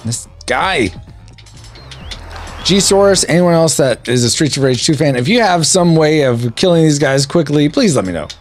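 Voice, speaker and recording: A man's voice: a little high, expressive, normal speed, soft background music. Man reading chat aloud while gaming. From California and Colorado. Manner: chatty, reads chat messages aloud. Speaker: podcast host. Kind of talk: casual chat while playing a video game.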